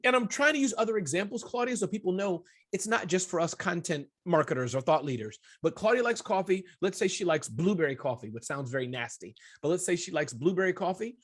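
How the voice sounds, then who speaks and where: A man with a husky, somewhat high voice talks as a guest entrepreneur. He keeps addressing his host by name and plays out small scenes as he explains his point. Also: animated, a little fast, few pauses. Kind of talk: conversational summit interview.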